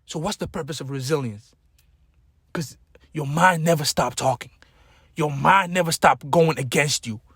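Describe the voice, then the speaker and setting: A man with a husky, fairly high voice gives an impassioned motivational speech. He preaches hard, swinging between low, intense stretches and loud, emphatic peaks, and hammers home repeated key words. The room sounds dry and close. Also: moderate pace, long pauses, no echo. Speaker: motivational speaker.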